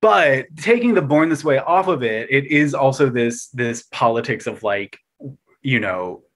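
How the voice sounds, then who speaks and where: A man chatting casually as a podcast guest, animated and profane, full of fillers and restarts, jumping between loud emphatic bursts and quiet mocking asides. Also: medium pitch, unhurried.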